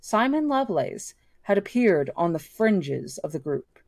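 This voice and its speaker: Woman reading a fantasy novel aloud, steady, low voice, dry close sound. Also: unhurried, gravelly, no echo. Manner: steady, self-correcting reading. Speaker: book club reader.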